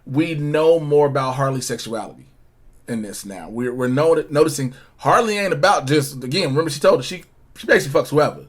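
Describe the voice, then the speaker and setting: Animated high-voiced man hosting. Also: fairly quick. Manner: loud, playful, jokey and profane. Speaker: co-host of a TV episode review show. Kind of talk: casual chat.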